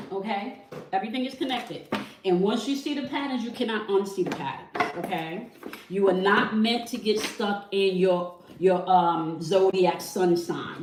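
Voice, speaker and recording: A fairly low-voiced woman teaching her spiritual audience, stopping again and again to ask "okay?". She stands a little back from the mic in an echoey room, so her voice sounds roomy and distant. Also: background noise. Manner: repeats "okay?" after nearly every phrase. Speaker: tarot channel host.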